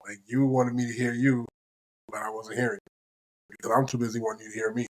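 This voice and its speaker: A man's voice: medium pitch, flat delivery, quick pace, poor audio. A man co-hosting a couples podcast, talking casually and making his point with repetition. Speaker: podcast co-host.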